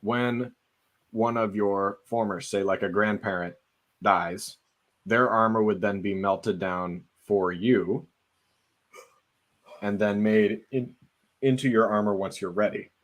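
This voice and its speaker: A man with a fairly low voice co-hosts a casual podcast. He lays out his ideas earnestly and at length, building his argument point by point. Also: steady tone, slow, pauses often. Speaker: podcast co-host. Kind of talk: casual fan discussion.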